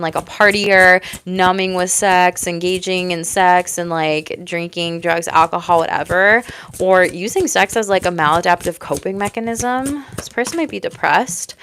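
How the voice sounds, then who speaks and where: Gushing, excitable woman tarot reader. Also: fairly low pitch, smooth. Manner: excitable, gushing, laughs often; casual, swears freely. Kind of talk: live tarot reading to chat viewers.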